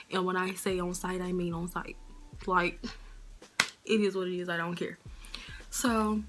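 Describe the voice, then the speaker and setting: A woman vlogger telling a story to her viewers in a chatty, animated way. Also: on the low side. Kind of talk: casual storytime vlog.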